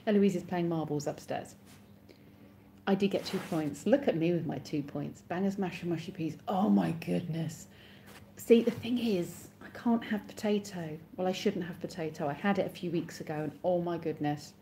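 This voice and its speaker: A woman's voice: on the low side, normal speed, mellow, slight background noise. A woman in her thirties, chatting casually on a live stream and answering viewers' comments as they come in.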